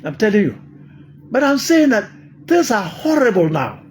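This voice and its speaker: An older man with a Ghanaian accent gives an emphatic political monologue, repeating his points and laughing often. His high-pitched voice is very animated and a little mellow at a moderate pace, with a bit of hiss or hum in the audio.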